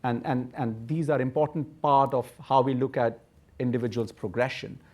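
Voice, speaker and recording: A man speaking as a corporate executive on a conference panel, earnest and measured, often repeating words as he works toward a point. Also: mid-range voice, steady tone, darkish tone. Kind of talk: panel discussion.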